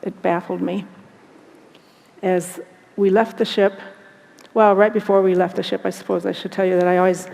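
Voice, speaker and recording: A woman tells a personal story in an earnest, halting, reflective way. Her voice is gravelly and stays fairly flat in pitch. The recording carries a long, hall-like reverb. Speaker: guest recounting abduction experiences.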